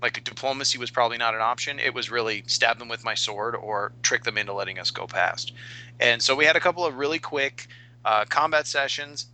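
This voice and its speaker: Bright-voiced man chatting about a game. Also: medium pitch, steady tone, a little fast, low-quality recording. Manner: chatty, frequent fillers and restarts. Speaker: game master and podcast co-host. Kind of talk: casual chat recounting a game session.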